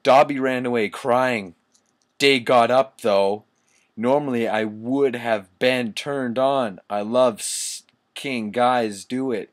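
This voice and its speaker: Slow, laughing male reader. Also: mid-range voice. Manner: amused, laughing often, stumbling over misspellings. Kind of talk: comedic reading of fan fiction aloud.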